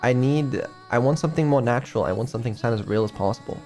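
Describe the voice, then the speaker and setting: A man chatting casually on a stream as a developer, hesitant and filling pauses with ums, swearing now and then. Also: medium pitch, mellow, faint music behind.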